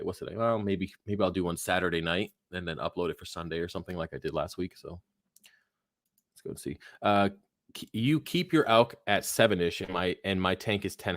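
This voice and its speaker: A man's voice: low voice, no echo, clean studio sound. A man hosting a live aquarium Q&A stream, tired and phlegmy, rambling casually with lots of fillers and swearing. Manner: laid-back, rambling, swears freely, many fillers. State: tired, yawning, phlegmy throat. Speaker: aquarium livestream host. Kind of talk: casual live Q&A, reading chat questions.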